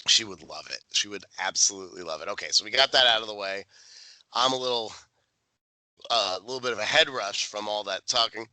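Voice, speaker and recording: A man's voice: lowish voice, brisk, bright, forceful tone, no echo, poor audio. A man co-hosting a podcast, reading out trivia in a dry, sardonic casual chat on a close mic. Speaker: podcast co-host.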